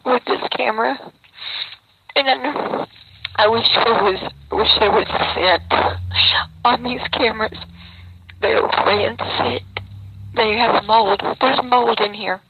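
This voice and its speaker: A woman speaking slowly and wearily, close to tears, her mouth sore from missing teeth, talking in a live video from prison. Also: fairly high pitch, gravelly. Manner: slow, weary, close to tears. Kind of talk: emotional live video testimony. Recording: dull lo-fi phone video with faint noise.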